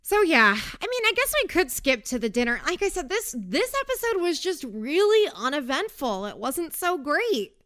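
A woman's voice: high-pitched, very animated, normal speed, few pauses, a bit bright. A young woman hosting a casual podcast, chatty and sarcastic, going off on tangents while recapping a reality show. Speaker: podcast host.

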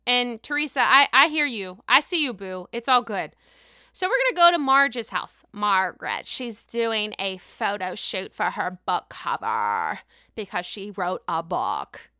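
A woman giving a casual, profane reality show recap, chatty and excitable, calling the viewer honey. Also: mid-range voice, unhurried, smooth, dry recording, studio quality. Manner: excitable outbursts.

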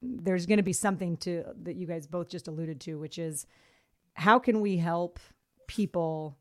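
Woman, podcast co-host, casual chat, effusive, lowish voice, dry close sound. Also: normal speed, a little mellow, no echo.

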